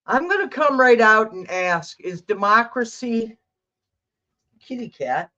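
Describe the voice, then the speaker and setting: A woman's voice: fairly high pitch, expressive, slow pace, pushed and bright. Chatty woman tarot reader, lo-fi audio. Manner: repeats questions insistently, chatty asides to her cat. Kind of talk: live-stream tarot reading.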